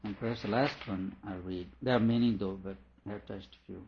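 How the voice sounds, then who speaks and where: Male teacher, low voice, reads a text and explains it, muffled recording. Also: steady tone, fairly quick, vocal fry, a little hiss or hum. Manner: reads a passage aloud, then comments on it with small laughs. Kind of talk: reading and explaining a philosophical text.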